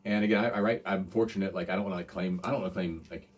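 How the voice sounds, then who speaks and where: A man's voice: low-pitched, fairly even intonation, racing. A man in his forties hosting a casual podcast, telling a rambling, self-deprecating story full of fillers and restarts. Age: 40s. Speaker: podcast host.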